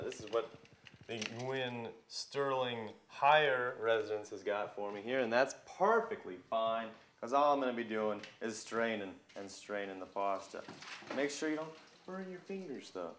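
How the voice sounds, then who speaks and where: A man's voice: mid-range voice, animated, normal speed, fairly bright tone, a little hiss or hum. A young man hosting a casual cooking demonstration in a home kitchen, chatting through each step in a friendly, folksy way. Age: young adult. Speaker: cooking show host.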